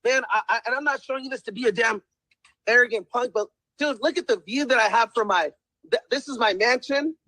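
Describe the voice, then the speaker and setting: A man's voice: very high-pitched, fairly quick, sharp tone, no room sound, low-quality recording. A man giving an emphatic motivational pep talk, repeating himself and calling the viewers guys. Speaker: testimonial speaker.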